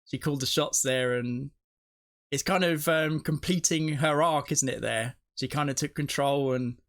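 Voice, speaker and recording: A man's voice: a little high, moderate pace, fairly bright tone. A man hosting a TV reaction video, talking casually and emotionally as he thinks aloud, often restarting his sentences. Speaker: TV reaction channel host.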